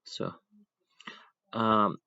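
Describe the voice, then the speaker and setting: A man's voice: very slow, sharp tone, dry recording, lo-fi sound. A man teaching an ink drawing class, talking casually as he draws and thinking aloud with chatty asides. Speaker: art teacher.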